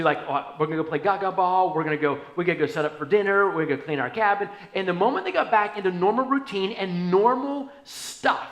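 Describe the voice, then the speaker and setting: Animated pastor in an echoey church. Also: male voice, sits high. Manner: animated, wide swings from hushed to loud. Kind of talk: storytelling sermon. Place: church sanctuary.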